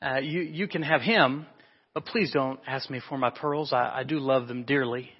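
A woman's voice: rumbling low, moderate pace, slightly rough. A man voicing a sweet five-year-old girl who begs and pleads. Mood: anxious. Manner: begging, sweet. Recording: dull echoey church recording.

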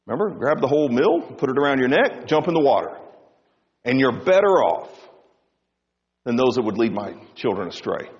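A male pastor preaching a sermon, swinging between loud emphasis and hushed low tones. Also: very animated, normal speed. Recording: dull sound with long reverb in a hall.

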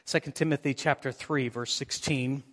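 Preaching from a church sanctuary, a man reads scripture aloud and pulls his listeners in. The pastor's voice is mid-range and fairly bright, with fairly even intonation at a normal speed, and the room's reverb carries through.

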